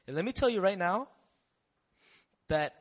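With a high voice and an unhurried pace, a young missionary speaker tells listeners about his personal testimony. He sounds animated and conversational, leaning on rhetorical questions to check in.

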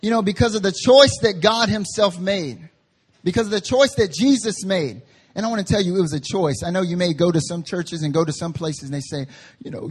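A man preaching a sermon as pastor, with emphatic slow stresses and playful asides. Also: high voice, slightly rough. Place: church service.

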